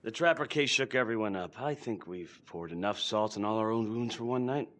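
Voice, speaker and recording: An actor playing a weary male police sergeant who tries to smooth things over. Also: on the low side, expressive, a little fast, a bit bright. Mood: placating.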